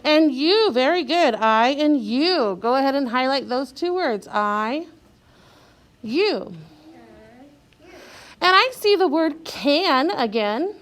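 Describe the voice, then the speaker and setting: High voiced lady teacher doing a reading lesson, patient, spelling words out slow. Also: animated, fairly bright tone. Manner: encouraging, slow and clear, sounding out letters.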